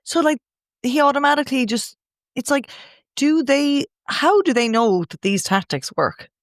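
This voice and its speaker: A woman hosting a casual podcast, blunt and quick to swear. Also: high voice, lively intonation, dry recording, clean studio sound. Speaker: podcast host.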